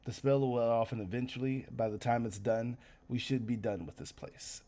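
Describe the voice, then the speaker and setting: A man's voice: mid-range voice, moderate pace, warm tone, voice pushed down, close to an everyday voice. A man voicing a stern male mage who speaks in a clipped, commanding way, in a tabletop game. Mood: calm.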